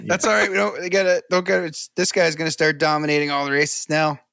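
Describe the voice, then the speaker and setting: A man's voice: fairly high pitch, flat delivery, fast, gravelly, sharp tone, clear, resonant tone, dry recording, studio quality. A man co-hosting a casual podcast chat, who often laughs through his sentences. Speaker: podcast co-host.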